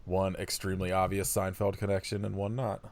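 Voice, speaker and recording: A man's voice: low-pitched, little pitch movement, brisk, darkish tone. A man co-hosting a podcast, chatting loosely about a film with dry sarcasm. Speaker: podcast co-host. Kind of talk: casual film-review chat.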